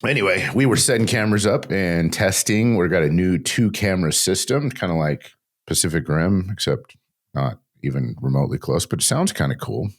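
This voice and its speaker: Middle-aged male podcast host, very deep voice, chatty and joking, talks nonstop. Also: lively intonation. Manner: rambling, joking, talks without pause. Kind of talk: casual podcast chat.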